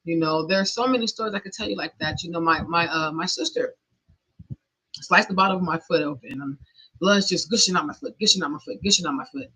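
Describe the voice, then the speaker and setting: Bright, husky woman telling her story. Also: on the low side, fast. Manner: earnest, emotional storytelling with nervous laughs. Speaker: podcast host. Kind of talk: personal monologue. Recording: dull lo-fi recording.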